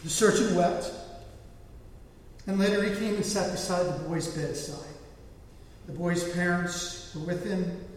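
A male pastor preaching earnestly, telling a story and often restarting his words. His voice sits high for a man and rings through a large echoey hall from a distance. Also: steady tone, measured pace, pauses often, slight background noise. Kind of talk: sermon.

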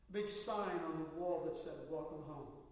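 A man's voice: on the high side, normal speed. A man as pastor, preaching a sermon in a church with storytelling that rises to emphatic bursts. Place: church sanctuary. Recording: echoey hall from far off.

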